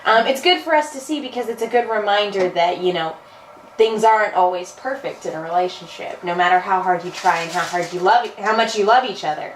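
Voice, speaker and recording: A woman's voice: mid-range voice, fairly quick. A woman in her twenties or thirties co-hosting a casual movie review show, chatting with fillers and frequent laughs. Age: 20s or 30s. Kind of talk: casual chat. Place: in a car. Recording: roomy, distant, faint background hum.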